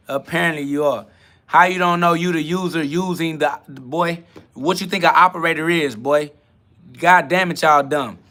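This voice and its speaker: A man delivering a podcast sermon-rant with a bright, forceful edge to his voice and a pitch that sits a little above most men. He mocks and curses at his doubters and jumps between rapid-fire bursts and slow, stretched emphasis. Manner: combative, mocking, profane, preachy. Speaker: podcast host. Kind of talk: self-talk podcast monologue, preaching.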